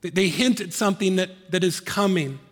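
A male pastor preaching a sermon, earnest, dropping to soft hushed tones and rising to emphatic peaks. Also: sits high, normal speed, long reverb tail.

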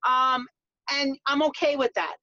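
Bright high-voiced New York woman. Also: unhurried, dry recording, lo-fi sound. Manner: lively, laughs often, drops into playful voices. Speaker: dog groomer. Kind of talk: casual podcast chat.

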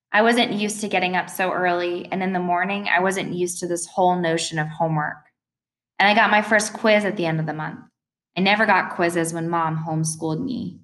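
A woman narrating an audiobook in a measured, gentle reading voice. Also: lowish voice. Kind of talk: scripted narration.

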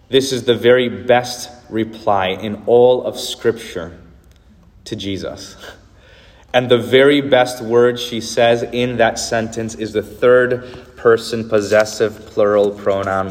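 A man's voice: lowish voice, slow pace, in a large hall. A male pastor preaching a sermon in an earnest, emphatic way, driving points home with repetition.

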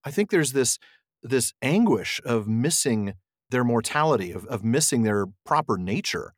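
A man's voice: medium pitch, very animated, normal speed, no room sound, studio quality. A man co-hosting a podcast, discussing a book casually and reading passages aloud with expression. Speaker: podcast co-host.

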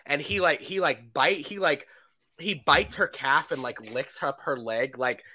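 A man co-hosting a casual movie podcast, animated and laughing often as he acts out scenes. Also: a little high, measured pace. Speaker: podcast co-host.

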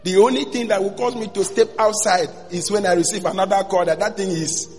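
A man, a pastor telling his story in a sermon, dropping to a hush and then bursting into shouts. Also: high voice, fairly even intonation, fairly quick. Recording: long hall reverb with faint music.

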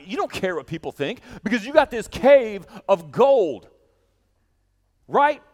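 A man preaching a sermon to a congregation, telling a story with lively energy and addressing his listeners directly. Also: sits high, quick pace, big-room sound. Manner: animated storytelling, speaking straight to the congregation. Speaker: pastor. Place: church hall.

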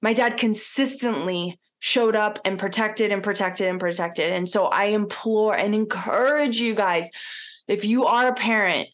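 A woman's voice: mid-range voice, a little slow. A woman co-hosting a podcast, talking in an earnest, heartfelt casual chat with many "like" fillers. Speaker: podcast co-host.

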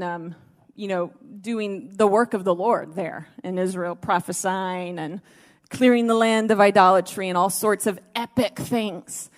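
Female pastor, higher voice, mid-sermon; intimate near-whispers that build to emphatic, passionate appeals. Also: long reverb tail. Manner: swings from hushed near-whispers to emphatic raised exhortation. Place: church service before a congregation.

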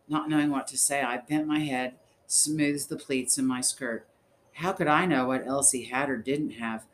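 A man reads a storybook aloud in the first person, at a measured, steady pace. His voice sits at a middle pitch, and a faint hiss runs under it. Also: rough recording. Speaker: audiobook narrator.

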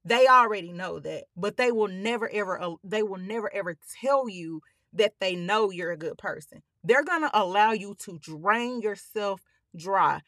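A woman's voice: medium pitch, moderate pace, fairly bright tone, dry recording, clean studio sound. A woman hosting a podcast, telling listeners her personal story with emphatic, blunt language and holding back tears. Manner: emphatic, addresses listeners as y'all, frequent swearing. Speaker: podcast host.

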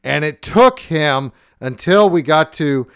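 A man hosting a podcast, ranting in a casual, profane and excitable way. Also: a little high, slow, clean tone, dry recording, studio quality. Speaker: podcast host.

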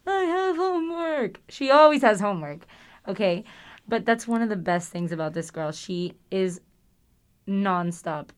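A woman's voice: mid-range voice, smooth. A young woman hosting a casual podcast, chatty and playful, with lots of fillers. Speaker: host.

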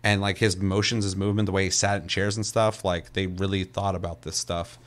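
A man's voice: sits low, flat delivery, fairly quick. A young man chatting casually as a podcast co-host, loose and profane, rambling with lots of fillers. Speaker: podcast co-host reviewing a video game. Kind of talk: casual chat.

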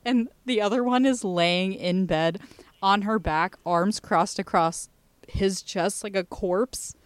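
A woman's voice: mid-range voice, takes it slowly, dry recording. A young woman co-hosting a podcast, telling a funny story in a rambling, casual way, laughing and swearing as she goes. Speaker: podcast co-host. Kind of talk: casual chat.

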